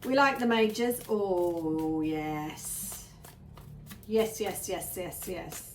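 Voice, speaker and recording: A woman gives her viewers a casual tarot reading, chatty and rambling, frequently drifting into small asides. Her voice is on the low side and she draws out her words.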